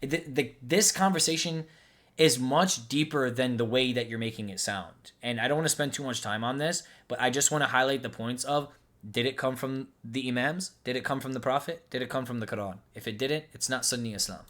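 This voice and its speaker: A man's voice: medium pitch, a little fast, a bit bright. A man from the United States giving heated, argumentative reaction commentary, exasperated and sarcastic.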